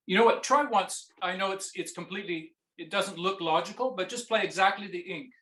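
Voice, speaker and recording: Bright-voiced man scatting music lines. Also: sits high, fairly quick, few pauses, roomy sound. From Canada. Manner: sings and scats musical phrases between instructions. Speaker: viola teacher giving a masterclass. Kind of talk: masterclass coaching with sung phrases.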